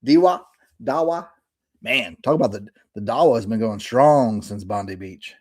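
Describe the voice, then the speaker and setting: A man in his thirties with a fairly low voice, talking casually in a rambling way, restarting thoughts and speeding up now and then. He speaks over a remote call. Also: moderate pace, a little mellow. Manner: rambling, many fillers and restarts, bursts of speed. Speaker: podcast co-host. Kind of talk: casual chat.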